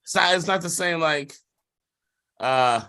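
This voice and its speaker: A man's voice: on the high side, unhurried, pushed and bright, clear, resonant tone. Rambling, laughing podcast co-host man. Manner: rambling, laughing, filler-heavy slangy talk. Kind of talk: casual chat.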